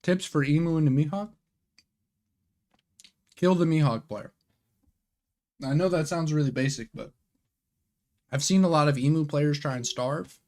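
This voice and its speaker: A man's voice: fairly high pitch, unhurried, long pauses, darkish tone. A young man hosting a live card game watch party, chatting casually in slang and answering viewer questions aloud. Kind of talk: casual live-stream chat.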